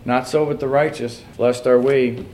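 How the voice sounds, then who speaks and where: A man's voice: steady tone, moderate pace. Emphatic male preacher with faint hiss. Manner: swings from quiet, low asides to loud, high-pitched emphatic reading. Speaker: pastor. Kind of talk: sermon.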